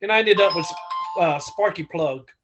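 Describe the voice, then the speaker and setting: Male guest, rough-talking raconteur, animated retelling, somewhat high pitch. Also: moderate pace, over music. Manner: profane, animated storyteller acting out quotes. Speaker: guest, former pro wrestler. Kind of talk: casual storytelling.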